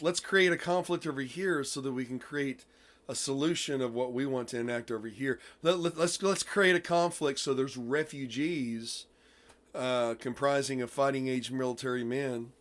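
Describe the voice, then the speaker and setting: A man hosting a casual interview, talking emphatically and excitably and laughing often. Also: mid-range voice. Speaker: host.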